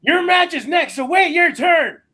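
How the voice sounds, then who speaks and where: A man voicing a crazy, indignant male wrestling announcer who shouts in a raised, strained voice. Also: very high-pitched, a little slow, voice pushed up. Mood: scolding.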